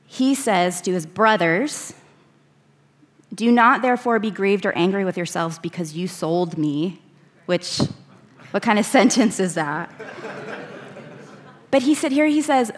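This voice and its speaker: A woman delivering a sermon at an unhurried pace, her voice at a middle pitch. She reads scripture aloud and slows right down on the words she wants to stress. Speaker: preacher.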